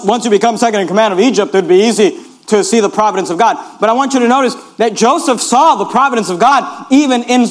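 A man preaching a sermon in an earnest, emphatic way, urging listeners again and again to notice each point. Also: very high voice.

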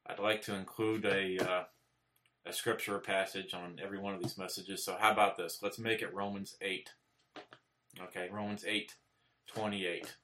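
Earnest guy preaching to camera, bright voice, lots of "okay?", gets loud and emphatic on repeats. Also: low-pitched, flat delivery, moderate pace, slight background noise. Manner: earnest, repeats "okay?" often, restarts, rises to emphatic peaks. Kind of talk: informal recorded sermon to camera. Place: indoors, speaking to camera.

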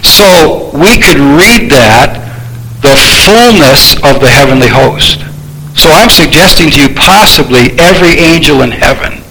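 A man preaching a sermon, emphatic, repeating words and rising to shouts on key points. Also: a little high, a little hiss or hum, low-quality recording.

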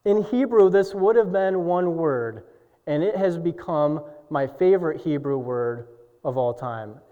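A young man preaches a slow, fervent sermon, his voice sitting a little high and falling to a near hush before rising to booming exclamations. He is recorded from a distance in a church hall with a long echo and a dull, muffled sound. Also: expressive. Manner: swings from hushed to booming exclamations. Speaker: pastor.

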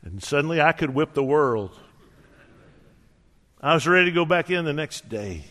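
A man in his sixties, a pastor preaching a sermon, telling stories with animated, folksy humor. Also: on the high side, normal speed. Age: 60s. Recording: long reverb of a large hall.

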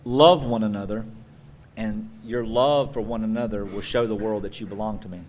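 A man preaching a sermon as pastor, swinging from loud emphatic bursts to quiet conversational asides. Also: lowish voice, fairly even intonation, normal speed, a little hiss or hum.

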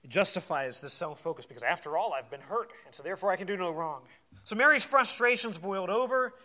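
Male preacher, sermon, slightly high voice, bright, animated, conversational. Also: fast talker. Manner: conversational, animated, repeats words.

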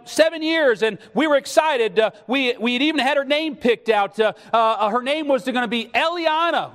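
A man's voice: very high-pitched, fairly bright tone. A middle-aged man preaching a sermon, pleading and emphatic, his voice rising in fervent bursts. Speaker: pastor. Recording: long reverb of a hall.

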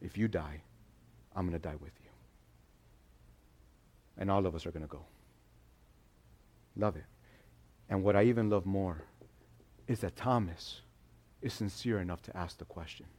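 A man preaching a sermon in a conversational, animated way, acting out quotes as he goes. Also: deep voice, normal speed, pauses often. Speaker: pastor.

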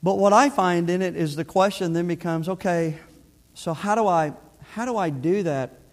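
A man's voice: high-pitched, normal speed. A middle-aged male pastor preaching a sermon in an earnest, conversational way, often restarting his phrases.

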